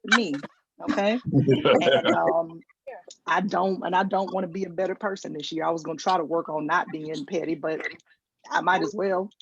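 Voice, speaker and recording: A woman's voice: fairly low pitch, normal speed, husky. A woman from Georgia with a Southern accent, doing a virtual stand-up set, telling stories with acted-out quotes and self-mocking asides over a video call. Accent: Southern American. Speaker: stand-up comedian. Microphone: video call mic. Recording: dull lo-fi video call audio.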